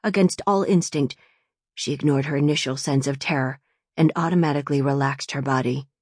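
A woman narrating a science-fiction audiobook in measured, even storytelling, recorded close in a studio. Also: a bass voice, slightly rough, dry recording. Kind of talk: scripted narration.

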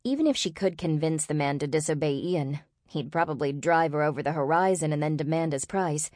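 A woman narrating an audiobook in a steady, expressive reading voice. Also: deep voice, brisk, no echo, clean studio sound. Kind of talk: scripted narration.

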